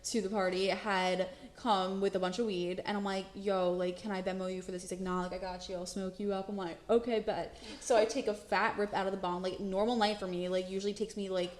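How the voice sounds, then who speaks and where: A young woman tells a story on a casual podcast. She is animated, laughs often, swears freely and acts out every quote. Her mid-pitched voice carries a roomy echo. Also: fairly quick, hardly any pauses. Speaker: podcast co-host.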